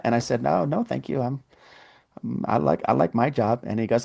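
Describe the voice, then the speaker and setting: A man in conversation who tells a story with plenty of energy, acting out every exchange in new voices and breaking into laughter now and then. His voice sits at an ordinary, mid-range pitch for a man, and he speaks in a natural, relaxed way. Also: moderate pace, gravelly. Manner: animated storyteller, often laughing, acts out quoted dialogue. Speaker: podcast guest.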